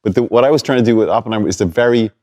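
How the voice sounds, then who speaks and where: Irish actor, very low voice, soft-spoken and halting in casual chat. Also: male voice. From Ireland. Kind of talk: casual conversation.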